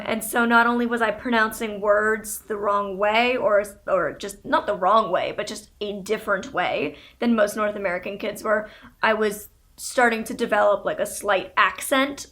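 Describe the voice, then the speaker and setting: Bright-voiced chatty young woman. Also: medium pitch. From Canada. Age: 20s. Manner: chatty, candid, with laughs and fillers. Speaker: YouTuber. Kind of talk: casual storytelling to camera.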